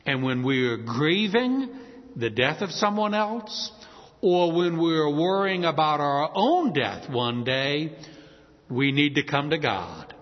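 A man's voice: on the high side, expressive, slow. A man preaching a sermon, emphatic and building to bold declarations. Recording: dull, muffled sound in a large reverberant hall.

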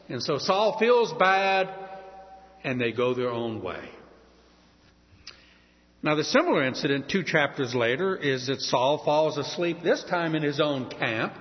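A man teaching a Bible lesson, retelling the story in an animated, folksy way. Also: a little high, takes it slowly. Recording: dull reverberant hall recording.

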